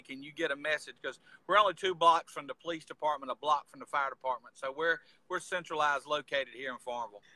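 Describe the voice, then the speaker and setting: A man's voice: on the high side, bright, forceful tone, no echo. A man with an eastern North Carolina accent, talking in a plain-spoken, matter-of-fact way during a casual chat.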